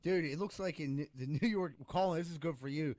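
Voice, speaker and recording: A man's voice: fairly high pitch, darkish tone, no room sound. Joking man co-hosting a podcast. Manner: joking, quick to laugh, swearing. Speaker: podcast co-host. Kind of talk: casual podcast chat.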